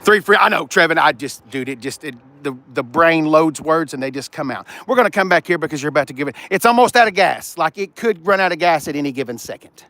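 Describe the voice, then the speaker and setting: Animated joking man, high bright voice. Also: quick pace, hardly any pauses, no echo. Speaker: car dealership vlogger. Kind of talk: casual walkaround chat. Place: car lot, in and around cars.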